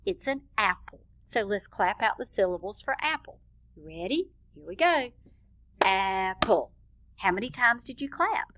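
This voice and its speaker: Slow-paced woman teaching young children. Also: mid-range voice, fairly bright tone, no room sound. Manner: slow, clear, encouraging, stretches words out when clapping. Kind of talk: classroom lesson for young children.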